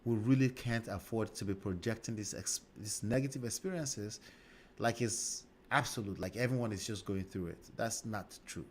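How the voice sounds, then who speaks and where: A man's voice: lowish voice, moderate pace, a little mellow, a little hiss or hum. A man hosting a livestream and commenting on a clip, speaking emphatically and checking in with "okay?" and "right?". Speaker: livestream host.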